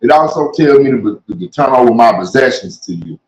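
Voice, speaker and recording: A man's voice: medium pitch, expressive, fairly quick, darkish tone. A man giving casual street-style Bible teaching, reading verses and riffing on them in loose, slangy talk. His voice sits in a middle range and carries a noticeable echo from the room. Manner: slangy, conversational, reads scripture aloud then riffs on it. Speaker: preacher. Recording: echoey room.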